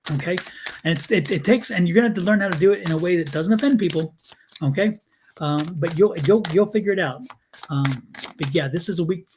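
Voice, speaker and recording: Earnest male tarot reader, higher voice. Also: slight background noise. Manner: earnest, repetitive, addresses viewers by name. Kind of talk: live-stream tarot reading.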